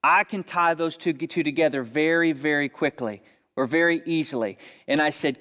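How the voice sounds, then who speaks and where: A man with a somewhat high voice preaches to a congregation, telling his story like a chat with friends before building to emphatic appeals. His words ring out with the long reverb of a large church hall. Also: moderate pace, a bit bright. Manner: conversational, rising to emphatic exhortation. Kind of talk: sermon storytelling.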